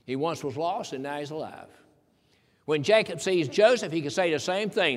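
Folksy preacher in a reverberant hall. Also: male voice, a little high, moderate pace. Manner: folksy, emphatic preaching with King James quotes. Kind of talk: sermon.

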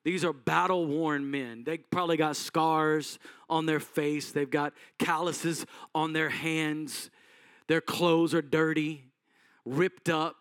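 A man's voice: on the high side, fairly even intonation, slow, a bit bright, clean tone, no room sound, studio quality. A male pastor preaching a sermon in a conversational storytelling manner, asking the congregation questions.

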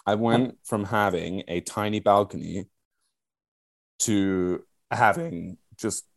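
Man in his thirties, low voice, casual and sweary, filler-heavy, dry close sound. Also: takes it slowly, vocal fry, dry recording. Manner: animated, sweary, lots of fillers. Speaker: guest. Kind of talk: casual conversational storytelling.

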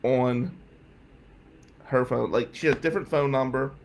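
A man telling a comic story in an animated, profane, incredulous way. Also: mid-range voice, moderate pace. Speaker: stand-up comedian.

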